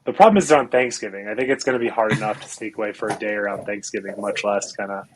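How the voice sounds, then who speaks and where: Lowish-voiced man host. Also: quick pace, crowd noise, poor audio. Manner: animated storytelling, profane, many "like"s and "you know"s. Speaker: podcast host. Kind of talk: casual chat.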